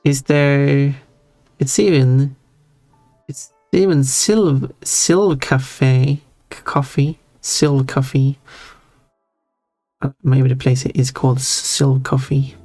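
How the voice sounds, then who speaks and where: A streamer chatting casually during a drawing session, talking slowly and unhurriedly at a mid pitch. Sentences often stall, restart and trip over themselves while the streamer reads out and answers chat messages. Soft music plays faintly underneath. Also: steady tone, no room sound. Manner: rambling, frequent restarts and stammers. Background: faint background music.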